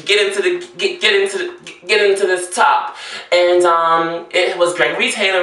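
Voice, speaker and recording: A man's voice: high voice, normal speed, pushed and bright. Sassy, flamboyant man ranting to camera. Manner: dramatic, flamboyant, calls viewers girl and honey. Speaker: fashion vlogger. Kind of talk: sassy ranting monologue to viewers. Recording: echoey room, distant from mic.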